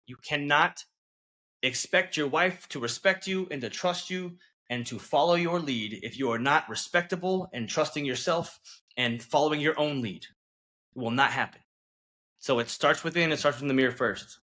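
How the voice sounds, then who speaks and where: A man's voice: fairly high pitch, moderate pace, bright, forceful tone. A man, a relationship coach, talking earnestly as an interview guest and driving his points home with repeated "okay?" and "right?". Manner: emphatic, coaching, keeps checking in with "okay?" and "right?".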